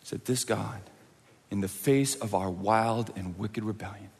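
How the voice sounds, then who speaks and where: A man preaching a sermon, swinging between forceful, loud peaks and hushed, quiet passages. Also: lowish voice, unhurried, breathy edge. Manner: dynamic, swings from loud intense peaks to hushed near-whispers. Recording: long hall reverb.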